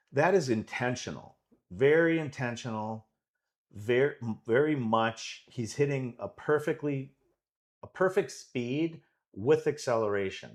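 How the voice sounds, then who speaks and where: A man coaching and commentating a pool match live from his club, enthusiastic and rambling with many restarts. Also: mid-range voice.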